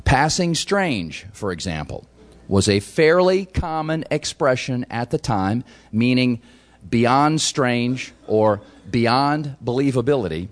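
A man's voice: medium pitch, expressive, slow pace. A man giving a history lecture to an audience, telling it as a story with wry asides.

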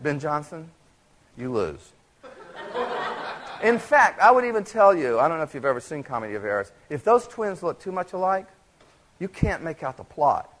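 Animated man giving a stage talk. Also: fairly high pitch, moderate pace, long pauses, slight background noise. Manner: animated, chatty, many restarts. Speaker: theater speaker leading a stage demonstration. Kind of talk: lively lecture with audience volunteers. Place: stage before a live audience.

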